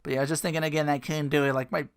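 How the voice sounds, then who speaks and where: A man's voice: fairly high pitch, level tone, very fast, smooth. A man hosting a solo podcast, rambling and joking at his own expense. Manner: rambling, self-mocking, laughs at own jokes. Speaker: podcast host.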